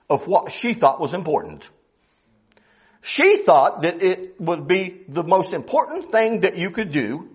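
A man preaching a folksy sermon that rises into fervent appeals, with frequent restarts and small laughs. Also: high voice. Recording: dull lo-fi recording.

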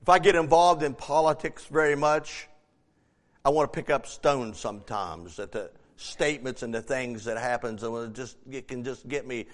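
A man preaching a sermon, emphatic, dropping to a hush and then rising to near shouts. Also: medium pitch, normal speed, long reverb tail. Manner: emphatic, swings from hushed to shouting.

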